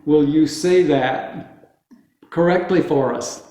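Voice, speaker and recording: A man teaching a group how to pronounce words, slowly and patiently, repeating each word for them to echo back. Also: fairly high pitch, mellow. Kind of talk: teaching Sanskrit pronunciation to a group. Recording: very echoey room.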